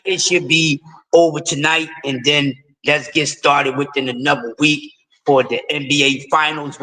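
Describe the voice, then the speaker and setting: This middle-aged East Coast man chats sports on a loose live stream, his raspy voice bright at the edges and pitched high. He jokes and rambles, circling back over his own words, all captured in poor audio.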